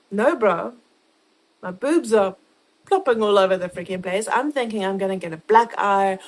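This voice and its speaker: Animated woman telling a chaotic story. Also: mid-range voice, poor audio. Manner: animated, swearing, breathless comic retelling. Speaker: vlogger. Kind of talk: casual storytelling to camera.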